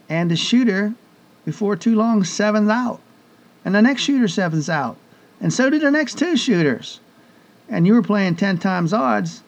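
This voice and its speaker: Male podcast host, lively and folksy, somewhat high voice, exclamatory delivery. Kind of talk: enthusiastic podcast hosting.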